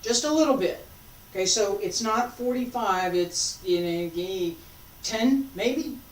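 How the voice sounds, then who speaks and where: A woman teaching a qigong class, calmly giving breathing and movement cues. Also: mid-range voice, slow. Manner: calm, guiding cues paced to breathing. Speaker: qigong instructor. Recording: echoey room, distant mic, faint noise.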